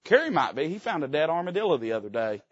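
A man preaching a sermon from the pulpit, folksy and fervent, swinging between loud rises and quiet dips. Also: fairly high pitch, very animated, quick pace, slightly rough, highs cut off. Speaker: pastor. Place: church sanctuary.

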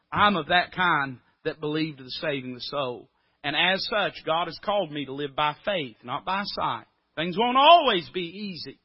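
A man preaching with emphasis, his voice rising loud and then dropping low. He sits on the higher side for a man. The recording is dry and a little dull. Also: dry recording. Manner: emphatic, swings from loud to quiet. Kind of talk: sermon.

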